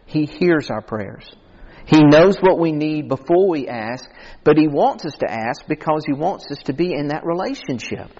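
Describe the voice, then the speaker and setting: A man's voice: fairly high pitch, a little mellow. A man preaching a sermon in an earnest, folksy way, telling illustrative stories. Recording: echoey hall, dull lo-fi recording.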